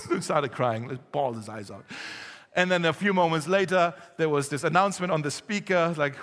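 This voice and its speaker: Pastor preaching in a reverberant church. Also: male voice, a little high, fast talker, fairly bright tone. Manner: storytelling, conversational with laughs, rising to emphatic exhortation. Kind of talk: sermon. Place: church hall.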